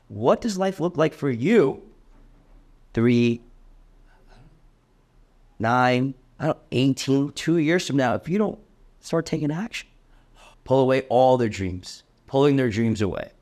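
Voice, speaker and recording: A man's voice: on the high side, animated, moderate pace, darkish tone. Young guy running sales training, punchy and emphatic, acts out cold calls as he goes.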